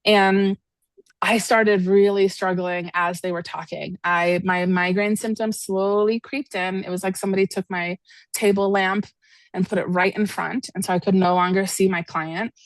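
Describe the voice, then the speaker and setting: A woman's voice: medium pitch, little pitch movement, moderate pace, no echo. A woman therapist telling a candid personal story as a guest, talking casually with many fillers.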